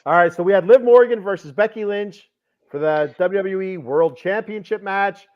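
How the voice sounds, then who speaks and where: A man's voice: sits high, normal speed. Eager man with a dull lo-fi sound. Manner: excited, repeats words when worked up. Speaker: podcast co-host. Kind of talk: casual wrestling chat.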